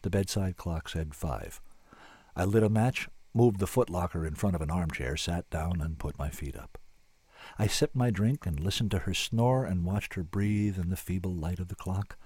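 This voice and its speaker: A man's voice: sits low, normal speed, a little mellow, slightly rough, dry recording. Guy reading a story in first person, dry wry delivery, no room sound at all. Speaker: audiobook narrator. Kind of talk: first-person scripted narration.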